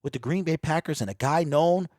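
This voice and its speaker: Brisk and a little high in pitch, this man rattles off heated solo sports commentary, animated and preachy, speaking straight to viewers in casual slang. It's recorded on a popping home desk mic with no room sound and a clean studio finish.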